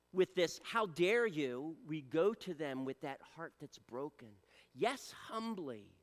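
Earnest pastor with a lively, high voice. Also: male voice, in a large hall. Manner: earnest preaching, swings from loud appeals to soft near-whispers. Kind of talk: sermon. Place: church.

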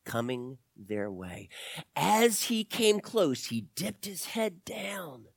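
A man's voice: a little high, no room sound. A man telling an adventure story expressively, sometimes dropping to a whisper.

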